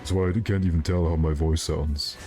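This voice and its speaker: A man's voice: very deep voice, fairly even intonation, normal speed, dark tone, soft background music. A male streamer chatting casually and rambling, with self-mocking jokes while he plays. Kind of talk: casual gaming stream chat.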